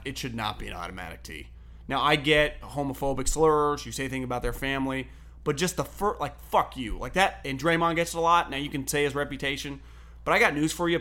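A man hosting a sports talk show, telling stories in a loose, profane, animated way and laughing often. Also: a little high.

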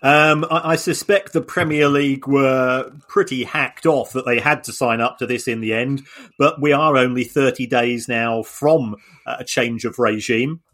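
A man talking through an explanation in a casual podcast chat, with a mid-range voice that is neither high nor low. He often restarts his sentences and repeats words as he works through his points. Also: steady tone, normal speed, fairly bright tone. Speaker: podcast co-host.

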